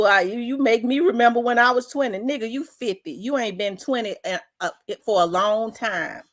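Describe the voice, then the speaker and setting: A woman from South Memphis with a Memphis accent, hosting an opinion vlog in a blunt, profane, fired-up rant. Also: on the high side. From South Memphis, Tennessee. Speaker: host.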